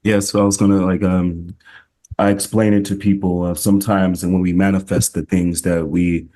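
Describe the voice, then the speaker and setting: A man with a somewhat low voice shares a spiritual reflection with a group. He talks casually and hesitantly, restarting sentences and filling gaps with ums. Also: level tone, moderate pace, warm tone. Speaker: group member.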